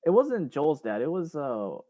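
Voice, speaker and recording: A man's voice: on the high side, big pitch swings, a little slow, a loud crowd. A young man telling a rambling anecdote in a casual podcast chat, full of fillers.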